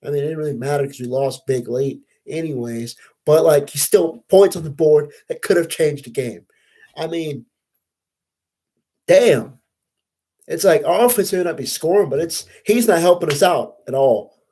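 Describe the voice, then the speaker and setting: Young guy venting about his team, husky voice, cussing a lot, kinda high. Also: moderate pace, warm tone, rough recording. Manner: frustrated, profane, rambling. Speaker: podcast host. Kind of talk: casual sports rant.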